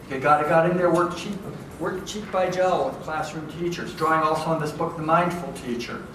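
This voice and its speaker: Guy lecturing teachers in a big hall, kinda high voice, lots of echo, sounds far from the mic, keeps saying okay and right. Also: fairly quick. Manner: lively, conversational, keeps checking in with "okay?" and "right?". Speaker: education professor giving a talk. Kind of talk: public lecture to educators. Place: large hall with an audience. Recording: echoey hall from far off, faint noise.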